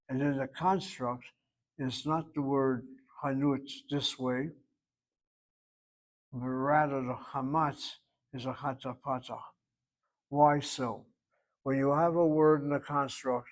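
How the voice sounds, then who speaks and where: A man's voice: mid-range voice, low-quality recording. A man teaching a Hebrew grammar class, explaining step by step in an emphatic, opinionated way.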